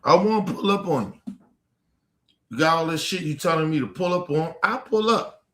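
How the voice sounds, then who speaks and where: A man's voice: fairly high pitch, expressive, normal speed, roomy sound, background noise. A man ranting at a viewer on a livestream, aggressive and profane. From Baltimore. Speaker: streamer. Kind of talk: livestream rant.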